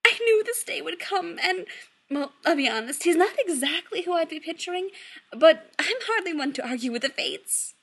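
A woman's voice: extremely high pitch, animated, moderate pace, vocal fry, pitched above the performer's own voice, full character voice. A woman voicing a bubbly, doting middle-aged witch mother who chatters sweetly. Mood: chattering.

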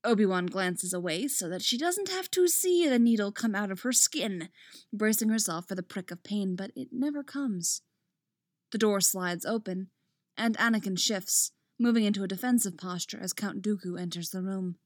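A woman reading a fan fiction story aloud as narrator, steady and expressive. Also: medium pitch, moderate pace, no echo, clean studio sound.

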